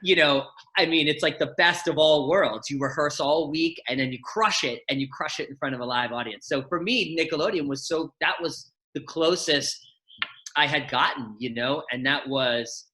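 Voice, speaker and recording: A middle-aged man, an actor and former kids' show host, chatting on a video call and telling lively stories with acted-out voices. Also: on the high side, moderate pace. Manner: animated storyteller, acts out voices and shouts. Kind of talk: casual chat, storytelling.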